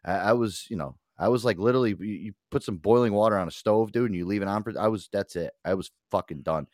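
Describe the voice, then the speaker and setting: A man's voice: fairly low pitch, fast talker, a little mellow, no room sound, clean studio sound. A middle-aged man co-hosting a casual podcast, telling a workplace story full of profanity and acted-out quotes. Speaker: co-host.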